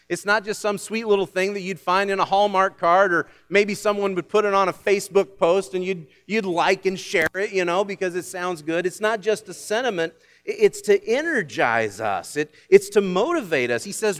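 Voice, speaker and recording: A man's voice: a little high, normal speed. Emphatic male pastor preaching. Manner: emphatic preaching, swinging between loud commands and quiet asides. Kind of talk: sermon.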